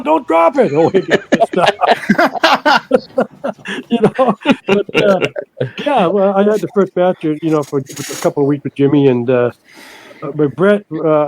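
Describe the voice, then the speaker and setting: An older man, a guest on an interview podcast, telling stories in a halting way that repeats words, and he puts on higher voices for the people he quotes. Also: darkish tone, rough recording. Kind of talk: casual storytelling interview.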